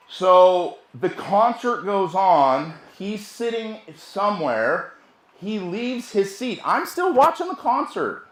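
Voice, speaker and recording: At a seminar, a sales trainer tells a brash, profane story, moving between hushed asides and loud outbursts. His voice is high and the room sounds reverberant.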